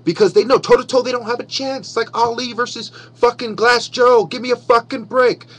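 Man, high voice, husky, angry profane ranting, webcam commentary, reads aloud then comments. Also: fairly even intonation, brisk, a bit bright. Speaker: vlogger. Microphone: webcam mic.

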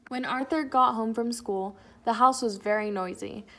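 A woman reading a children's picture book aloud with clear, expressive storytelling. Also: a little high, moderate pace. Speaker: storybook reader.

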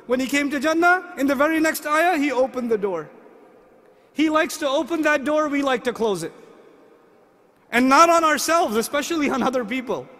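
A middle-aged man preaching a sermon, asking the audience lively rhetorical questions. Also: very high voice, normal speed. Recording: long hall reverb.

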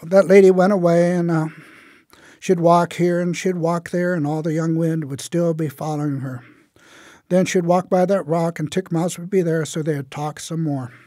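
A man telling a traditional tale in a relaxed, conversational way with frequent fillers. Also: on the high side, normal speed, no echo, clean studio sound. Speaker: storyteller. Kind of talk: oral storytelling of a traditional tale.

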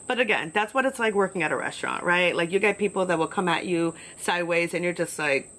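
A woman's voice: mid-range voice, animated, fast talker, a bit bright, rough recording. Young woman from New York, light local accent, blunt and chatty solo podcast host, mid-range voice. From New York, USA. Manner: chatty, blunt, profane, filler-heavy. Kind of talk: casual solo podcast monologue.

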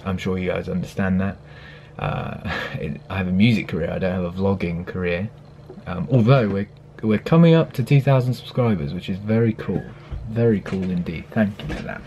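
A young man chats to his camera in a loose, rambling vlog, full of ums and self-deprecating asides. His voice sits fairly low, with a faint hiss of background noise behind him. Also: fairly quick, creaky, warm tone. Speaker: touring musician vlogging. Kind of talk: casual vlog talk to camera. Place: indoors at home, then outdoors at a floodlit football pitch.

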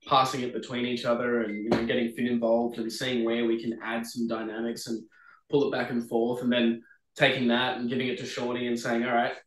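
A man's voice: medium pitch, completely flat delivery, fairly quick. A man, a band member being interviewed, talking in a laid-back way and explaining at length. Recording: roomy, off-mic.

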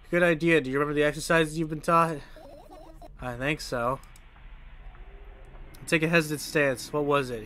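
A man's voice: mid-range voice, pushed and bright, a little hiss or hum. A man streaming a game, reading its text aloud and breaking in with sarcastic, swearing asides.

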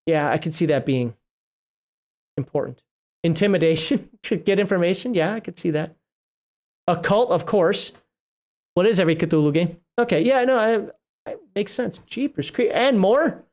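A man's voice: sits high, normal speed, long pauses, darkish tone. A middle-aged man hosting a casual livestream, reading rules aloud and rambling, often breaking off mid-word. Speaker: livestream host reviewing a tabletop RPG book.

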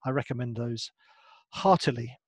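A man's voice: mid-range voice, moderate pace, dry recording. A man, a family history expert giving a hesitant presentation with many ums and restarts. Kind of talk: online presentation.

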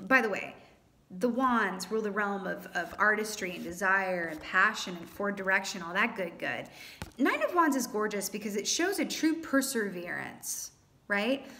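A woman giving a casual tarot reading to viewers, chatty and animated with playful exclamations. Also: mid-range voice, slight background noise. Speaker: tarot reader.

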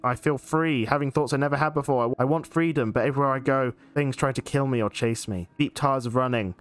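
A man's voice: medium pitch, fast, close to an everyday voice. A man voicing a small, naive, exiled insect-like creature from a game, speaking in simple, earnest phrases.

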